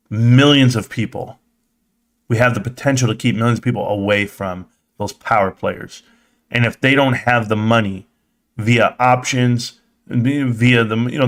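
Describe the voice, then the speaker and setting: A man hosting a live stream in casual, excitable chat, talking straight to his viewers and swearing now and then. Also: lowish voice. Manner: excitable, swears casually, acts out quoted voices.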